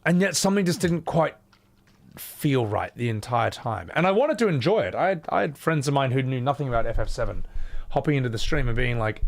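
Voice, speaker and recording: Gravelly man chatting on stream. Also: mid-range voice, lively intonation, a little fast. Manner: chatty, loose, swears casually. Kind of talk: casual live-stream chat.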